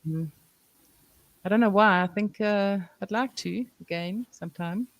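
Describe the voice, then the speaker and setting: A woman's voice: mid-range voice, unhurried, no room sound, dull audio. Chatty woman in a dry close recording. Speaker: guest. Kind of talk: casual chat.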